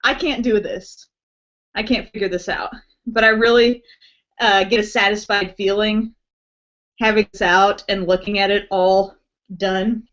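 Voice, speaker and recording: With a mid-range, steady voice, a measured pace, and long pauses, a young woman hosts a casual beauty live stream at home. She reads viewer comments, giggles often, and chats brightly in response to names, though the webcam audio is muffled and lo-fi.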